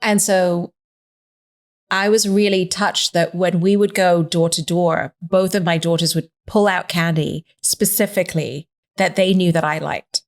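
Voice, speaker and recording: A woman speaks unhurriedly in a fairly low voice as a podcast guest, telling stories in relaxed chat. She's animated and imitates the voices of people when quoting them.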